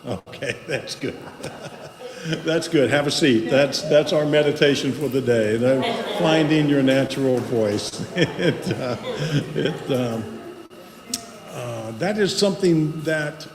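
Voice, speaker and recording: A man speaking to a congregation as a guest speaker, guiding a voice exercise with slow, paused instructions. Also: mid-range voice, crowd noise. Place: spiritual center meeting hall. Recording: echoey hall with long reverb and background noise.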